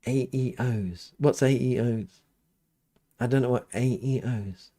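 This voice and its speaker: Vicar guy chatting live from his home studio, loose and rambly, full of fillers, ordinary middle pitch. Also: slow, dark tone. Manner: rambling, many restarts and fillers. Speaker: priest hosting a livestream. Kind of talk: casual live Q&A chat.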